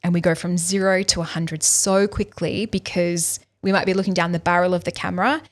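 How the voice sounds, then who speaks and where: Lower-voiced Australian woman coaching. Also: a little fast. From Western Australia. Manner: animated, acts out examples in different tones. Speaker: speaking coach, guest. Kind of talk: podcast interview, explaining tips.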